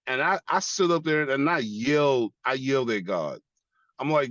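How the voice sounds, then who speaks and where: An American man of middle pitch tells his own hard story to an interviewer, earnest and given to repeating himself for emphasis. His voice sounds close and dry, with a slightly dull, muffled tone. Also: animated, moderate pace, fairly bright tone, dry recording. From United States. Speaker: interview guest, army veteran. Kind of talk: personal testimony in conversation.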